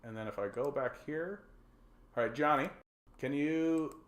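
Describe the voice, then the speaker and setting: With a voice on the high side and a slightly slow pace, a man from Canada runs a relaxed call-in livestream. He rambles and jokes, swearing heavily and filling his speech with fillers and restarts. The sound is roomy.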